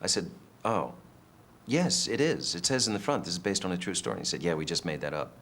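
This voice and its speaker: Man, very deep voice, interview, animated anecdotes, acts out quotes. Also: quick pace. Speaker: actor recalling a film shoot.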